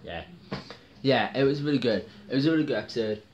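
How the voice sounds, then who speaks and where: A man's voice: medium pitch, animated, fast, darkish tone, dull audio, a little hiss or hum. A man hosting a jokey solo TV review video, rambling and hesitant with many ums and slang words. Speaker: TV soap reviewer.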